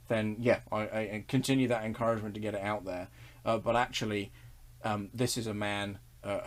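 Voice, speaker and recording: A man leading a casual online Bible study, earnest and enthusiastic, chuckling and restarting as he talks. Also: lowish voice.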